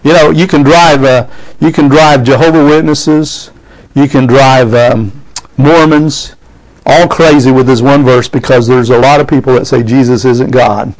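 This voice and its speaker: A man's voice: mid-range voice, fairly even intonation, measured pace, low-quality recording. A man preaching a sermon, reading scripture aloud and calling out "amen?" to his congregation.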